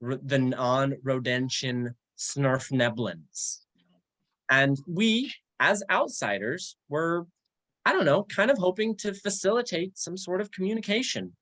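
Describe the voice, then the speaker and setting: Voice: medium pitch, animated, a little slow, a bit bright. A player at a tabletop game, talking casually and speaking in character in a wordy, self-correcting way.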